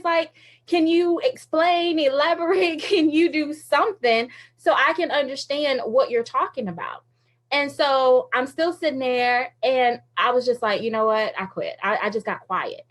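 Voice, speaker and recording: A woman radio host telling a faith story in a casual, animated way, with lots of fillers and frequent laughter. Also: fairly high pitch. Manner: uses many fillers like "like" and "you know".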